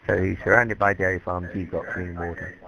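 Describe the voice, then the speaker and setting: A man teaching an English class at a university in a relaxed, chatty way. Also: low voice, a little fast, vocal fry, rough recording.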